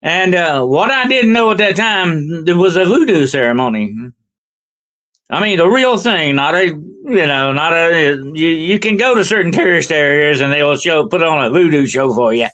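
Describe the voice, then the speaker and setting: Lively older man telling a story. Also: a little high, moderate pace, rough recording. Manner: rambling, checks in with frequent "okay?" and "you know". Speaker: paranormal investigator guest. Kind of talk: conversational storytelling.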